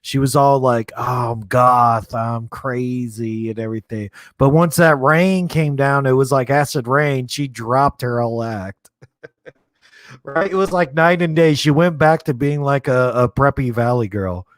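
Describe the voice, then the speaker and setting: A man's voice: medium pitch, moderate pace, no echo. A young adult man casually chatting and rambling as he hosts a live stream, laughing often.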